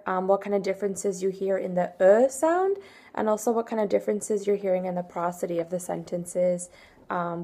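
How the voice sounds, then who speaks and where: A woman teaching English pronunciation, saying each word twice with careful, deliberate enunciation before reading model sentences. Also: mid-range voice, vocal fry, dark tone. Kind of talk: pronunciation lesson with slow model words and sentences.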